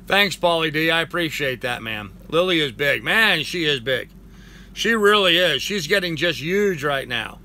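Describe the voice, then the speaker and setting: An older man hosting a relaxed live stream from home, his voice bright and edgy, sitting a little high for a man. He rambles along, thanking chatters by name and cooing at his dog in between. A faint hiss sits under him. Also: moderate pace. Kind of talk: casual live chat.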